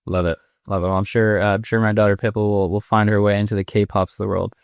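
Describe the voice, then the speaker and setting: A man's voice: fairly low pitch, level tone, fast, vocal fry, smooth, no echo. Chatty male podcast host, dry close sound. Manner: chatty, rambling questions with many restarts. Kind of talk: conversational interview.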